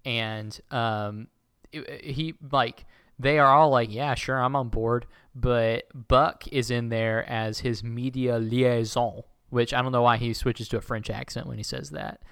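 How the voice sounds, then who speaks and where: Male co-host, mid pitch, dry booth sound, jokey recap delivery. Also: steady tone, measured pace, gravelly, fairly bright tone, clear, resonant tone, no room sound. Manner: laughing, jokey retelling. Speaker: podcast co-host. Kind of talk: casual chat.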